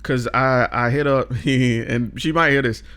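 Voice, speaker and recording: A man's voice: medium pitch, steady tone, a little slow, a bit bright, a little hiss or hum. A young man hosting a casual chat, talking in laid-back slang, laughing often and reciting lines of poetry. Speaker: podcast host.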